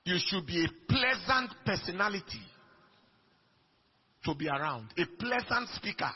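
A man preaching a sermon in an emphatic way, swinging between soft lines and shouted ones. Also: high voice, big pitch swings, a little slow. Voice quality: raspy, gravelly. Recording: dull lo-fi recording.

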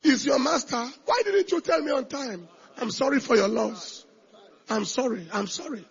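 A consoling old Roman governor speaks in a hushed, husky, gravelly voice, as a preacher acts him out. He sounds gentle and apologetic. The recording is dull and lo-fi. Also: very high voice, expressive, normal speed, pitched above the performer's own voice, exaggerated voice. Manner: soft-spoken, consoling. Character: apologetic Roman governor, older man, soothing.

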